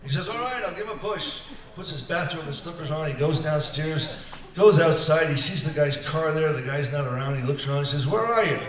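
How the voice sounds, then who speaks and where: This is a male entertainer joking with seniors between songs, casual in manner and voicing the people in his stories. He sounds a bit high-pitched and brisk. The mic is far from him, and the room echoes.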